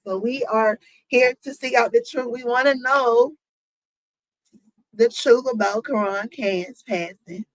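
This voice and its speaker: A woman with a fairly high, unhurried voice talks casually to viewers on her own commentary channel, calling them "y'all." She's chatty, full of fillers and asides, and the roughly recorded audio has no room sound.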